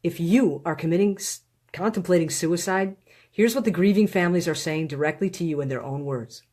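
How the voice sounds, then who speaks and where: A woman reading her own book aloud in a live stream, pleading and heartfelt, with slow, deliberate phrasing. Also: on the low side, darkish tone. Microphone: phone or webcam on a live stream.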